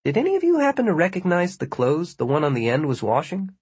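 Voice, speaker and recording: Man doing a curious young woman, quick and a bit high, husky. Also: huge pitch swings, darkish tone, no echo, exaggerated voice.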